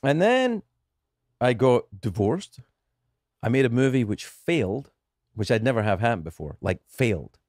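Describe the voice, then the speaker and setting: A middle-aged man with a Scottish accent talks through his past with animated, swinging intonation. He swears casually and often stops to restart a sentence. The sound is dry and close to the mic. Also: mid-range voice, moderate pace, pauses often, dry recording. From Scotland. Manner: animated storytelling, profane, frequent restarts. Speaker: guest comedian. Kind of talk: casual podcast chat.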